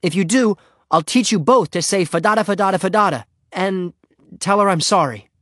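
A man's voice: sits high, expressive, moderate pace, fairly bright tone, no echo, studio quality, pitched above the performer's own voice. A man voicing an impatient schoolboy who pleads and bargains in a storybook. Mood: pleading.

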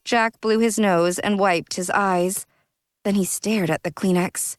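A woman narrating an audiobook in a measured, deliberate way. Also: mid-range voice, fairly even intonation, no echo, clean studio sound. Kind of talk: scripted narration.

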